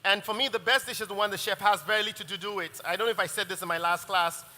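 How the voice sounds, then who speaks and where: A chef teaching a cooking masterclass runs a live demonstration, chatty and rambling and often restarting sentences. His bright, high voice is steady and quick, with the long reverb of a large hall around it.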